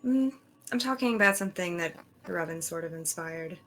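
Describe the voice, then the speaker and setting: A woman playing in a tabletop game, speaking in character in a measured, gentle way with hesitant restarts. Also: on the low side, lively intonation. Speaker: player. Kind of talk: tabletop role-play in character.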